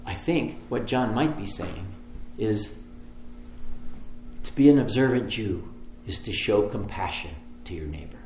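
A man's voice: on the low side, animated, measured pace, creaky, a little mellow, slight background noise. A man preaching a sermon as pastor, telling stories in a conversational, vivid way. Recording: roomy hall, faint ambience.

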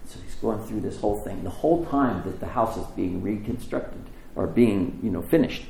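A man preaching in a conversational, halting way, retelling a story with many restarts. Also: fairly low pitch, lively intonation, gravelly, a little mellow, roomy sound, slight background noise, rough recording. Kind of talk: sermon storytelling.

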